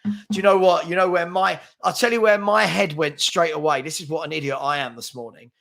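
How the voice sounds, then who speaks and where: A man's voice: fairly high pitch, fairly even intonation, a little fast, vocal fry, fairly bright tone. A man, hosting a casual live football chat stream, reading out viewer comments in a chatty, rambling and self-deprecating way, tired from an early start. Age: 40s. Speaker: football channel host.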